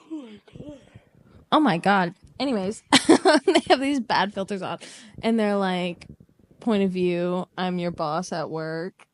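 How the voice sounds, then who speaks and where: A woman's voice: fairly high pitch, no echo. A young woman in her twenties co-hosting a podcast, chatting casually and acting out the people in her stories with lots of laughter. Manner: animated storytelling, acts out quoted people, laughs often. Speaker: podcast co-host. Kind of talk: casual chat.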